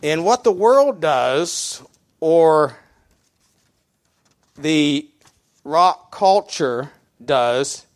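A middle-aged pastor preaches in a loose, conversational way, full of fillers and restarts. He counts out beats aloud as he goes. His voice sits a little high for a man. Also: animated, very slow, pauses often. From Mennonite community. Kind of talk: sermon.

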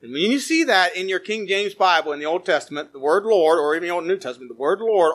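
Emphatic preaching man, higher voice. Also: lively intonation, quick pace, few pauses. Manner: preaching, reading scripture aloud with emphatic rises and quiet drops. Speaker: pastor. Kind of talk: sermon.

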